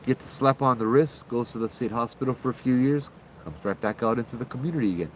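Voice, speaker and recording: A man's voice: medium pitch, quick pace, slight background noise, rough recording. A man, hosting a channel of ghost stories, tells a personal encounter in a chatty, casual way, acting out the dialogue. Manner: chatty, acts out dialogue with fillers and restarts. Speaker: ghost story host. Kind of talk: casual spoken storytelling.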